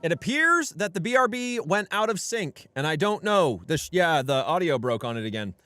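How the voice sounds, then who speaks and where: A young man live streaming a game, excitable, swearing and often shouting. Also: on the high side, a little fast, dry recording. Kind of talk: live gameplay streaming with voice chat.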